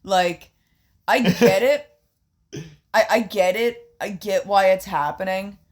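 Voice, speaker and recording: A woman's voice: mid-range voice, takes it slowly. A tired, yawning woman co-hosting a casual podcast, speaking bluntly and swearing freely. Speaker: podcast co-host. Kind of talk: casual chat.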